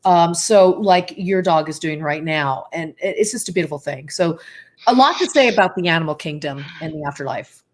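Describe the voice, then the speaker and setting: A woman's voice: low voice, animated, moderate pace. A woman speaking as a psychic medium guest in a casual live interview, talking straight to the viewers and drifting off onto tangents.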